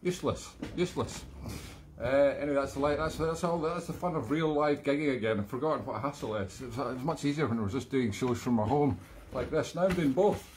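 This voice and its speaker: A man's voice: mid-range voice, fast, darkish tone, a little hiss or hum. Rambling self-mocking man. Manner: rambling, self-mocking, reading comments aloud. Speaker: musician hosting a live stream. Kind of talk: casual live-stream chat. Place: home room.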